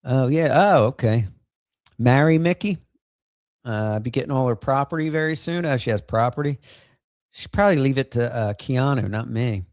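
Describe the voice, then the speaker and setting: A man with a gravelly, creaky voice hosts a loose livestream. He rambles and fills gaps with lots of "uh"s and laughs. His mid-pitched voice sounds close and dry. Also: brisk, a little mellow, no room sound. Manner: rambling with many fillers and laughs. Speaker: livestream host. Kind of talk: casual rambling livestream chat.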